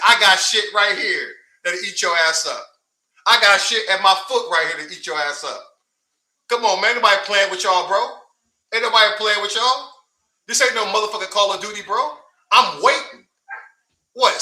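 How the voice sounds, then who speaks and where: A man's voice: sits high, animated, moderate pace, pushed and bright. A man ranting on a livestream, taunting his critics with heavy swearing and scoffing laughs. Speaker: online streamer. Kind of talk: heated livestream rant. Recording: echoey room.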